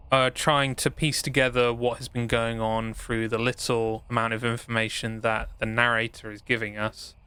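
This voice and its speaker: A man's voice: medium pitch, sharp tone, smooth. Rambling man streaming a game. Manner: rambling, self-deprecating. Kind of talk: gaming stream commentary. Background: game music.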